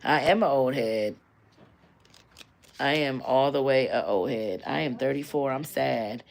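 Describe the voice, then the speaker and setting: A woman comedian hosting a casual livestream, talking in an animated, loud and teasing way, full of slang. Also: extremely low pitch, vocal fry, slight background noise.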